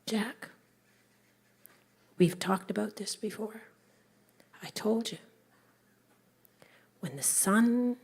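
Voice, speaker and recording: A woman storyteller voicing the north wind as a patient mother who scolds gently in a hushed voice. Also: mid-range voice, slightly rough, heavily acted.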